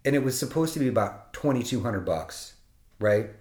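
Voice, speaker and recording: A man spins a comic story about his own misadventures in a loose, casual way, swearing freely and breaking into laughter as he goes. His voice sits at an ordinary middle pitch and carries the roomy echo of the space around him. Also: normal speed. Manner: profane, animated, laughing between lines.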